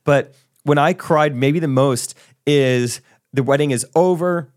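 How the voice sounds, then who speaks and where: Young male podcast co-host, casual storyteller, animated when quoting people. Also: a little high, measured pace. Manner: storytelling, excitable, acts out quotes. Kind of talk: casual chat.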